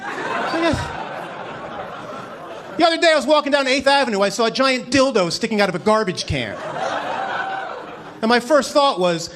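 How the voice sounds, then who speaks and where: A man doing a stand-up comedy set on a club stage, animated and mock-incredulous, acting out little voices as he tells his stories. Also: very high voice, brisk. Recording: live club recording with crowd noise. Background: audience laughter.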